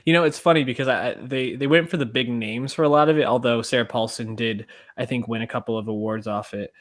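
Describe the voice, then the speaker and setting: A man co-hosting a podcast, casually chatting about a TV show in a relaxed, conversational way. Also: mid-range voice, fast talker. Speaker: podcast co-host. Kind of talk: casual review chat.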